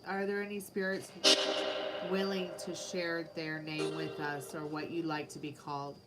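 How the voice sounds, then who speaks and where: A woman's voice: deep voice, little pitch movement, moderate pace. A woman hosting a live tarot and spirit box stream, chatting casually with viewers and spirits. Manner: chatty, talks to chat and spirits. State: sleepy, yawning. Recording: clear background noise.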